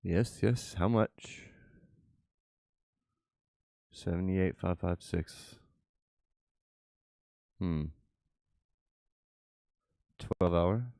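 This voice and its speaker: A crypto trader hosting a channel talks extremely slowly in a low, mellow voice with vocal fry, pausing often as he casually narrates his live trades and mutters to himself. The recording is dry.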